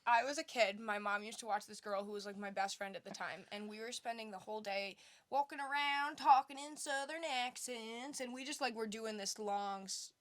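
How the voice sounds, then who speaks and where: A woman's voice: on the high side, normal speed. A young woman co-hosting a podcast, telling stories in casual chat and laughing often. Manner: animated storyteller, laughs often. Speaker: podcast co-host.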